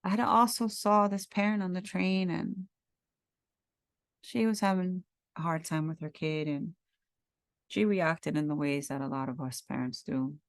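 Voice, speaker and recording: Lady podcaster w a low gravelly voice, earnest rambly reflective talk. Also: steady tone, unhurried, no echo, studio quality. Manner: earnest, heartfelt, rambling with repeats. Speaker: podcast host.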